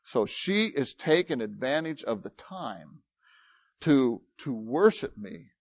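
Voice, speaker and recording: A man's voice: medium pitch, big pitch swings, takes it slowly, creaky, no room sound, dull audio. A man preaching a conversational sermon as pastor, acting out little dialogues and asking rhetorical questions.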